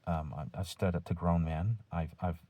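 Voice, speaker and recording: A male teacher giving a deliberate, firm talk to his students, using rhetorical questions and pauses. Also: deep voice, fairly even intonation, mellow, breathy edge, no echo. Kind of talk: lecture-style talk to students.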